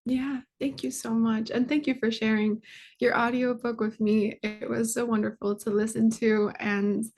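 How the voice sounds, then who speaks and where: Young adult woman, interview guest; earnest, halting, filler-heavy delivery. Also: on the high side, level tone, darkish tone. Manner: heartfelt, many fillers and restarts. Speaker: guest, foundation communications manager. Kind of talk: casual interview answer.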